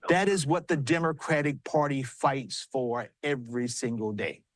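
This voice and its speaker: A man's voice: mid-range voice, normal speed, no echo. A man with a South Carolina accent, speaking as party chair by remote link from a busy arena, telling a story and giving earnest, rousing remarks. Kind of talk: live remarks on news broadcast. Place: large arena with commotion.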